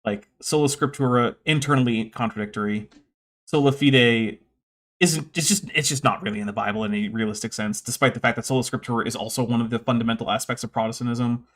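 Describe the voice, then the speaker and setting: Guy hosting a stream, average pitch, opinionated, kinda sarcastic, chatty. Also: steady tone, fast, a bit bright. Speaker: host reading viewer comments. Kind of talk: casual livestream commentary.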